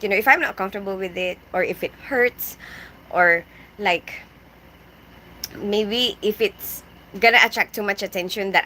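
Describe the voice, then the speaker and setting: A woman's voice: medium pitch, sharp tone, slight background noise. Chatty woman with a mixed Filipino-British accent. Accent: mixed Filipino and British English. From Philippines. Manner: chatty, rambling, laughs often, mixes in Tagalog. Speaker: livestream vlogger. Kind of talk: casual livestream chat reading comments. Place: on a bed indoors, keeping quiet. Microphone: phone without headphones.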